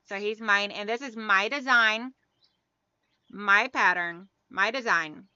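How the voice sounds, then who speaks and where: A woman's voice: a little high, sharp tone, clear, resonant tone, no echo, muffled recording. A woman hosting a casual live stream, reading out viewer comments and answering in a friendly, chatty way. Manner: friendly, calls viewers girl.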